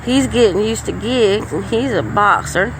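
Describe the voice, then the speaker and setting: A middle-aged woman hosts a podcast, rambling through a folksy story in an expressive, mid-range voice. She takes her time and restarts often, while faint crickets and traffic drift in from outside.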